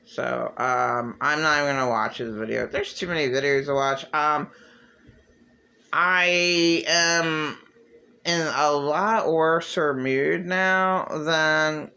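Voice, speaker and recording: Man, vlogger, raspy gravelly voice, slightly high, agitated rambling religious rant. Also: a bit bright. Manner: agitated, bitter ranting with sudden pitch leaps.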